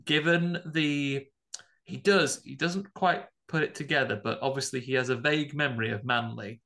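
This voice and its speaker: A man chatting casually on a podcast, his voice bright and forward at an ordinary pitch. He retells the film with animated energy and drops swear words freely. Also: normal speed. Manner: animated, swears, acts out characters. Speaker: podcast co-host. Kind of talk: casual chat recapping a film.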